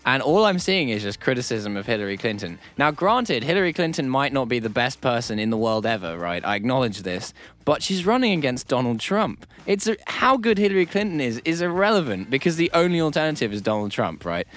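Lively joking young man ranting. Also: medium pitch, a little fast. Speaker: co-host. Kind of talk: comedic panel chat.

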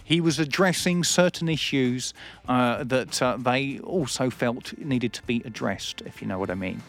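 A man's voice: mid-range voice, unhurried, a bit bright. A man who does stand-up, hosting a radio show and telling rambling anecdotes, laughing and acting out other people's lines. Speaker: comedian and radio host. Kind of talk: casual radio storytelling. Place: radio studio.

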